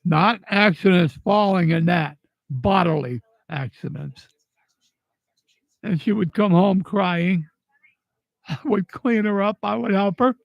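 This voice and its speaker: A tearful older man with a high, gravelly voice speaks slowly, stumbling and repeating words in anger and grief. The sound is dull and lo-fi, close and dry. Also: dry recording. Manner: halting, repeats words, angry and grieving. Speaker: vlogger. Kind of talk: emotional personal monologue.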